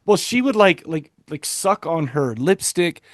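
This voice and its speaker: A man co-hosts a casual podcast, chiming in with slangy reactions and frequent laughter. His voice sits fairly high, and the recording is dry with no room sound. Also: very animated, unhurried, no room sound. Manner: slangy, laughs along often. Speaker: podcast co-host.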